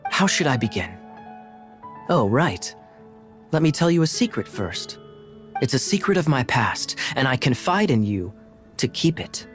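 A young game character who tells grand, secretive tales with earnest drama. His voice sits at a medium pitch, and faint game music plays behind him. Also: sing-song, measured pace, pauses often. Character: boastful young male pirate's grandson with an eye patch. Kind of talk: game dialogue.

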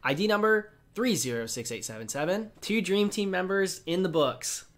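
A man doing excited gaming commentary as a YouTuber, chatty and excitable, cooing at the creatures on screen. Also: high-pitched, normal speed.

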